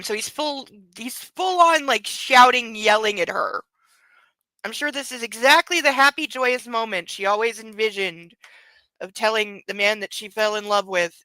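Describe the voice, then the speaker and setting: At home, a woman reads a book aloud, throwing in sarcastic commentary, swearing freely, and talking to her dog. Her voice is a little high with a sharp tone and a moderate pace, and the recording is dry and rough.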